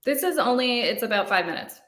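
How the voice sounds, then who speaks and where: A woman filmmaker answering interview questions about her short film in a relaxed, talkative way. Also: on the high side, a little fast, echoey room. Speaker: filmmaker guest.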